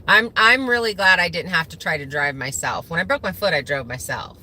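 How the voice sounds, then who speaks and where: A woman's voice: on the low side, brisk, bright, forceful tone, slight background noise. A middle-aged woman co-hosting a casual live chat from inside a car, laughing often as she tells her story. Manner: laughs often and tells stories with a lot of feeling. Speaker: co-host of a farm channel.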